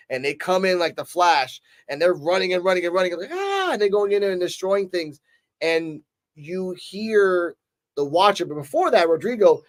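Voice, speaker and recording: A man casually reviewing a show episode, animated and acting out scenes as he recaps, with the odd swear. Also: on the high side. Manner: animated, acts out scenes in quick voices; casual, swears now and then.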